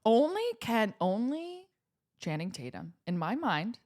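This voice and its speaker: Animated, teasing woman podcast co-host. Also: fairly high pitch, a little slow. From United States. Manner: theatrical, teasing, big swoops into quiet deadpan. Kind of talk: casual comedic chat.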